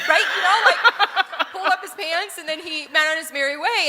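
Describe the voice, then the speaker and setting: Bright, high-voiced woman preaching in a hall. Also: normal speed. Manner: animated, earnest preaching with humor. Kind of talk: sermon storytelling. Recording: long hall reverb.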